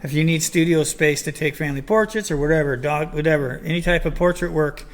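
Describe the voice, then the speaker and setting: An older man with a slightly higher-pitched voice chats casually as a show host. He wanders through his thoughts, dotting them with ums and self-corrections. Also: a little fast. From Michigan. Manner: rambling, chatty, many ums and restarts. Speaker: podcast host. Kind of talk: casual chat.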